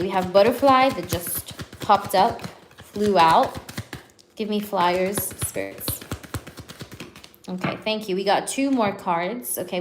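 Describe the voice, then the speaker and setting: A woman's voice: medium pitch, a little hiss or hum. Chatty young woman reading tarot live. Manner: chatty, filler-heavy, talks straight to viewers. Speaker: tarot reader.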